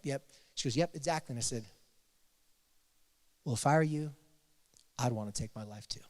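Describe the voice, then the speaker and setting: A man, a therapist and podcast host, telling a story to a live audience in an animated way, acting out the voices of the people he quotes. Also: fairly high pitch. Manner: animated, acts out quoted voices with big swings. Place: live event hall. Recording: long hall reverb.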